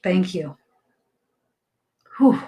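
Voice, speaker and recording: Very slow and dark-toned, a woman medium gives a casual livestream reading in a chatty, rambling way. Ums and likes fill her speech, and laughter comes easily between her thoughts.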